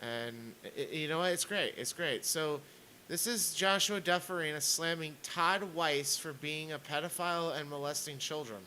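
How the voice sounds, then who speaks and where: A man's voice: a little high, moderate pace, bright, forceful tone, a little hiss or hum, low-quality recording. A man streaming a sarcastic rant, stammering and repeating words as he comments on clips.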